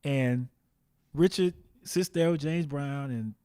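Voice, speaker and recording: A man from the Bay Area, a guest drummer, telling animated anecdotes and mimicking the people he quotes. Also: fairly high pitch, slow pace, clear, resonant tone. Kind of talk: casual interview storytelling.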